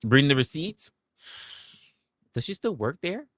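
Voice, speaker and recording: A young man hosting a livestream, telling a story in a candid, profane, animated way. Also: medium pitch, measured pace, dry recording, studio quality. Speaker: livestream host.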